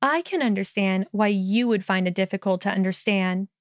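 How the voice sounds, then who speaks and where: A woman voicing a sharp-tongued, haughty young witch in a storybook reading, speaking crisply and cuttingly. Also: medium pitch, normal speed, no room sound, studio quality, lightly acted. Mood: defiant.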